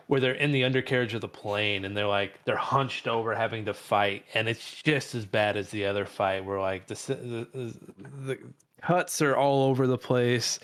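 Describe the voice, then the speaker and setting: A man's voice: lowish voice, a bit bright. A man co-hosting a movie podcast, chatting casually and joking, often restarting his sentences as he builds a point. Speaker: podcast co-host. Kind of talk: casual movie review chat.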